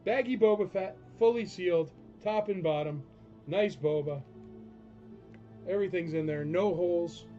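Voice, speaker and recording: A man's voice: high-pitched, moderate pace, highs cut off, soft background music. A man hosting a live toy auction stream, blunt and joking, ranting between lots. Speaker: auction host.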